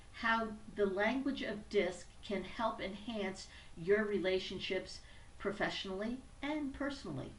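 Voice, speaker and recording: Upbeat woman teaching in an echoey room. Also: mid-range voice. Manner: upbeat, conversational teaching with occasional restarts. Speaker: business trainer. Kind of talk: recorded tutorial presentation. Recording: roomy echo, distant mic, faint background noise.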